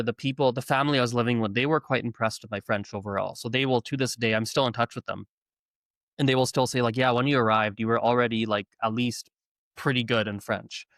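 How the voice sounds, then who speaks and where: A man's voice: medium pitch, clean tone, no echo. Chatty man telling stories. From Canada. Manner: lively, self-correcting, chatty. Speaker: podcast guest. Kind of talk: conversational storytelling.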